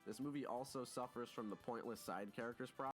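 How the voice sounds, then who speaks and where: A man's voice: medium pitch, steady tone, fairly quick, faint music behind. A man narrating an online movie review, opinionated, dismissive and crude. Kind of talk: reviewed video commentary played back.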